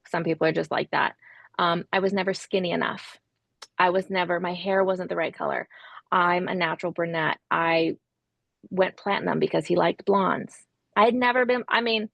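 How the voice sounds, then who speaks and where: A woman's voice: lowish voice, vocal fry, dry recording. A woman in her thirties, a podcast guest, recounting a painful personal story hesitantly, with many ums and restarts, sometimes dropping to a whisper. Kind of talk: interview storytelling.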